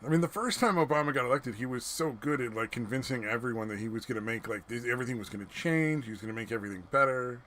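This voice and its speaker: A man's voice: mid-range voice, fast talker, few pauses, a bit bright, slight background noise. A man co-hosting a podcast, joking crudely and laughing often in casual banter. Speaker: podcast co-host.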